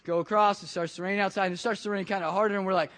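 A man, a pastor, telling a personal story in a conversational, animated way during a sermon. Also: sits high, very fast.

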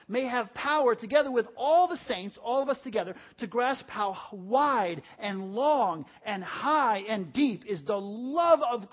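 A man preaching a sermon, emphatic and repetitive, calling on the congregation to answer back. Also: very high voice. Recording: dull lo-fi audio.

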